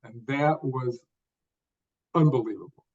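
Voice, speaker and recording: An older man, a podcast guest, telling his story in short deliberate phrases, stressing key words, with some repeated words. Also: mid-range voice, a little mellow, slightly rough, highs cut off. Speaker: guest author.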